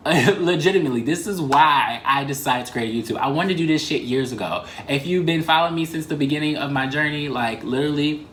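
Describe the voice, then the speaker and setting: A man in his twenties telling an embarrassing story in a fast, animated and profane way, full of slang and "like" fillers. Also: fairly high pitch, a little hiss or hum. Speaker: vlogger. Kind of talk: casual storytime. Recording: roomy echo.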